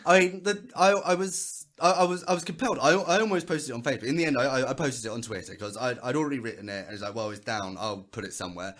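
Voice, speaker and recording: A man's voice: fairly high pitch, quick pace, hardly any pauses, fairly bright tone. A man in casual podcast chat, rambling and sweary, acting out what others said. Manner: rambling, sweary, mimics others in quoted voices. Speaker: podcast co-host.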